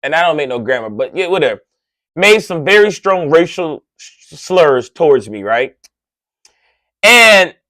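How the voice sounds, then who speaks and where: Male radio DJ, animated storyteller, high and very lively delivery, slangy, dry close sound. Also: a little slow, pauses often, no room sound. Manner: excitable, swings loud and high when worked up; conversational slang with frequent "right?" asides. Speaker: radio host.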